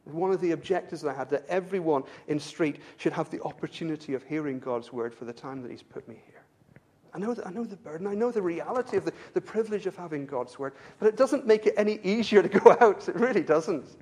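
A man's voice: animated, quick pace, a little mellow. An English man preaching a sermon to his congregation, earnest, repeating words as he builds to his point. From England. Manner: earnest, repeats words when stirred, pitch rises with fervor. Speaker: pastor.

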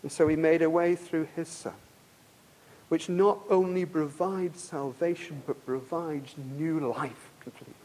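Male preacher with a high voice, emphatic sermon delivery, rhetorical questions to the congregation, dynamic swings from loud to hushed. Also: steady tone, a little slow. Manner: swings between loud emphasis and quiet, soft-spoken stretches.

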